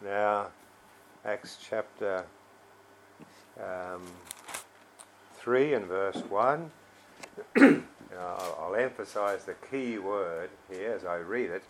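A man preaching a sermon, pausing and repeating words, reading scripture louder than he speaks. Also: a little hiss or hum, poor audio. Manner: slow and halting, repeats words, reads scripture louder and higher.

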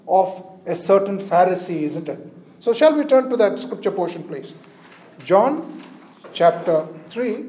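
High-voiced preacher man, mellow tone. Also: echoey room, a little hiss or hum. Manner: asks "isn't it?" tag questions often; reads scripture aloud in a slow, measured way. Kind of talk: sermon with Bible reading.

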